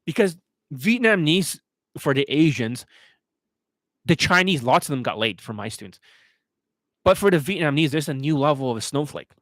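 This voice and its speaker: Swearing dating coach guy ranting hard, kinda high voice, dry close sound. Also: no room sound. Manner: profane, scornful, aggressive ranting. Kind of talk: ranting monologue.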